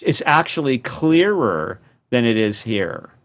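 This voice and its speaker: A man's voice: mid-range voice, slow. A man, a podcast guest telling a long story and acting out the quoted voices. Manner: animated, acts out quoted voices. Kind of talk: storytelling in conversation.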